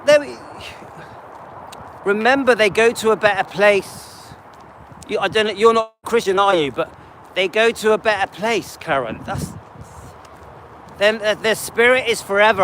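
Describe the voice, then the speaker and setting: A man's voice: high-pitched, fairly bright tone, slight background noise, rough recording. A man in his late fifties chatting casually on a livestream while walking his dog, rambling and talking to viewers by name. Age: 50s. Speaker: livestream host.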